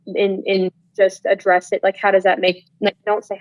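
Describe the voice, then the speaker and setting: A woman's voice: mid-range voice, flat delivery, moderate pace, a little mellow, dry recording, rough recording. A young woman guest on a podcast, speaking earnestly and candidly, often restarting with "like". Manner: earnest, repetitive, with restarts and "like" fillers. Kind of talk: candid conversational advice.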